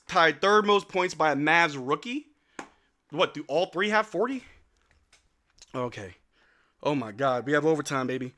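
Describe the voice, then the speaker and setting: A man hosting a live stream watch-along, giving excitable play-by-play of the game with slang and calling out to his chat from an indoor room. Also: on the high side, measured pace, long pauses.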